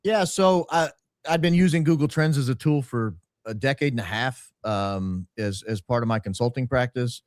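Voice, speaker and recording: A man telling his story as a podcast guest, talkative and emphatic, with brisk asides. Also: medium pitch, no echo, clean studio sound. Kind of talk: casual interview storytelling.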